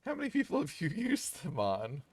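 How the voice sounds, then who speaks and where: A woman's voice: low-pitched, huge pitch swings, moderate pace, slightly rough, voice pushed up, full character voice. A woman voicing a female investigator from a game, reading her lines in a dry, matter-of-fact way. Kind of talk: reading game dialogue aloud.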